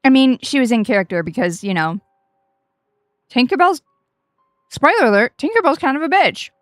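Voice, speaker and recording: A woman's voice: high voice, lively intonation, moderate pace, dry recording, studio quality, faint music behind. A woman streamer telling a story casually while gaming, chatty and self-mocking, swearing freely.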